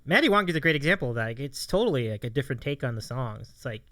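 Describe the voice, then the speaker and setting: Speaking in a mid-range voice that's very animated and a bit bright, this man hosts a laid-back live-streamed chat show in a dry recording. Eagerly agreeing with his guest, he keeps saying "yeah" while reading viewer questions aloud.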